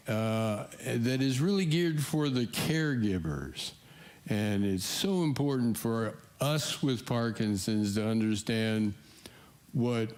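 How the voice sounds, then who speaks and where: A man in his sixties hosting an event, talking casually with jokes, fillers and halting restarts. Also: medium pitch, a little mellow. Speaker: event host with Parkinson's. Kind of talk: casual stage emcee talk. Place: church hall at an expo.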